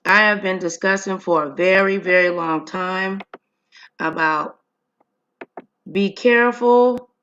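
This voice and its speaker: Speaking slowly with long pauses, a woman chats casually and directly with viewers while hosting a livestream on a streaming setup. Her mid-range voice has a fairly bright tone, though the recording is muffled.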